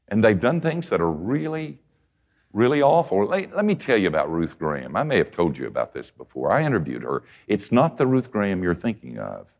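An older man preaching a conversational sermon, telling folksy stories and swinging from soft asides to emphatic points. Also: fairly low pitch, creaky.

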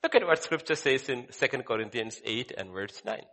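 A male pastor preaching emphatically, swinging between loud exclamations and hushed asides. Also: medium pitch, animated, moderate pace. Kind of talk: sermon.

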